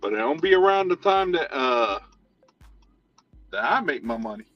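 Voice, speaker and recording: A man who also drives deliveries, chatting casually in relaxed, boastful banter. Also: a little high, normal speed, muffled recording, soft background music. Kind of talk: casual chat.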